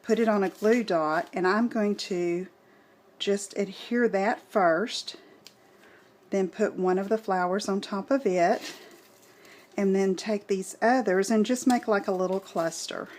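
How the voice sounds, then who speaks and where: A middle-aged woman hosts a crafting tutorial, speaking at a notably slow, unhurried pace. Her delivery is gentle and explanatory, walking through each step as she works. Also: mid-range voice, a little hiss or hum.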